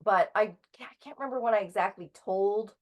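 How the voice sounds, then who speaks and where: A woman in her thirties, a guest author talking casually in an interview, halting with frequent ums and restarts. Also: mid-range voice.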